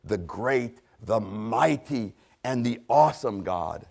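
Animated older male preacher. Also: medium pitch, slow pace, creaky. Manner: animated, dramatic shifts between loud exclamations and hushed asides. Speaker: pastor. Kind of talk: sermon.

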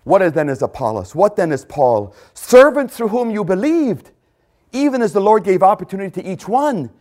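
A male preacher with a fairly high, very lively voice, delivering a sermon with dramatic swings from shouting to hushed storytelling. He repeats phrases over and over for emphasis. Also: moderate pace.

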